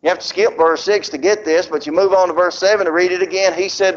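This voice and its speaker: A man preaching a sermon in a fairly high voice. He slows down for scripture and moves between loud, raised points and low, hushed drops. The recording sounds dull and lo-fi.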